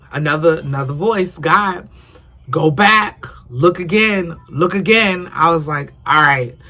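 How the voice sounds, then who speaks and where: A young woman tells a story to her viewers in a loose, rambling way, circling back and repeating herself. Her voice has a gravelly fry running through it and a bright, forceful ring. She sounds open and earnest, like someone who wears her feelings on her sleeve. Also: on the low side. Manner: emotional and earnest. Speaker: vlogger. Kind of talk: casual storytime.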